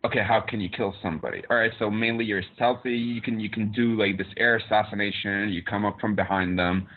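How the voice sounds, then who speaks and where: A man's voice: lowish voice, steady tone, a little fast. A man joining a podcast by phone, talking through a game with frequent hesitations. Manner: hesitant, lots of ums and restarts. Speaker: podcast guest. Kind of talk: casual podcast chat. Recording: tinny phone line.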